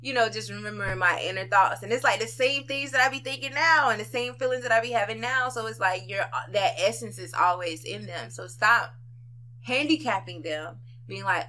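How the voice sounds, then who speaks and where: Bright-voiced woman talking reflectively. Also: mid-range voice, a little fast. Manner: reflective and emphatic, often asks "you know what I'm saying". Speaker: podcast co-host. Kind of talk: casual unedited conversation.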